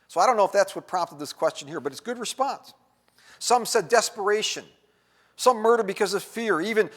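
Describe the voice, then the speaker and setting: A male pastor preaching a conversational sermon with rhetorical questions and sudden swings from quiet to loud. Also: fairly high pitch. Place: church sanctuary. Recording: church sanctuary with long reverb.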